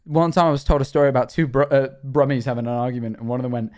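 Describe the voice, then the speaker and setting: A man talks casually on a livestream, rambling from one thought to the next. He pokes fun at himself and swears freely. His pitch sits in the middle range. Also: steady tone, rapid-fire, darkish tone. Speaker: streamer.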